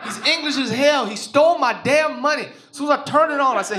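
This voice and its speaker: A man's voice: very high-pitched, quick pace, bright, forceful tone. A man doing a stand-up comedy set, loose, profane and playful with the crowd, on a club stage with a handheld mic. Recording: roomy live club sound.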